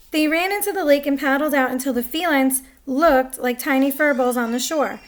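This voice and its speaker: A woman's voice: sits high, normal speed, hardly any pauses. A woman reading a picture book aloud, chatty, stopping to comment on the pictures. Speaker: story reader.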